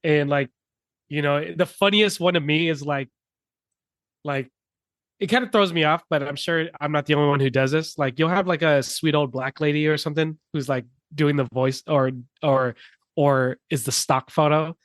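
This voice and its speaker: A rambling podcast host, a man with a fairly high voice, talking loosely through his points with a lot of filler. His sound is dry and close to the mic. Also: steady tone, normal speed, fairly bright tone, no echo. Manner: rambling, heavy on fillers and restarts. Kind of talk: casual chat.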